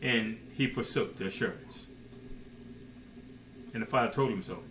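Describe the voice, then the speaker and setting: A man's voice: on the high side, very animated, moderate pace, pushed and bright, a little hiss or hum, rough recording. A man preaching a sermon emphatically, firing rhetorical questions and addressing listeners directly as man and son.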